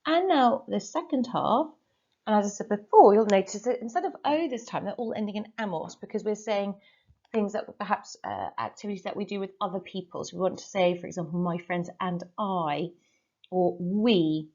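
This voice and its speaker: A woman, a teacher giving a recorded lesson with clear, patient instructions and repeat-after-me drills. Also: medium pitch, expressive, moderate pace, a little mellow, muffled recording. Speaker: Spanish teacher.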